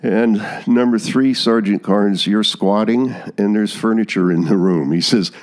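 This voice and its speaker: An older man with a fairly low voice tells his war story in an interview. He speaks plainly and steadily, and he slips into the voices of the officers he remembers as he recalls them. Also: a little slow, darkish tone. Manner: plain-spoken storytelling, acting out quoted officers. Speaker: Vietnam veteran interviewee. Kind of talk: interview recollection.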